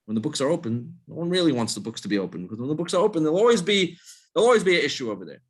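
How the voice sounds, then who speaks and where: Rabbi teaching, asking himself questions. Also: male voice, on the high side, big pitch swings, very fast. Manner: explains step by step, asks and answers his own questions; frequent restarts and repeated words. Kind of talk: casual spoken Torah class.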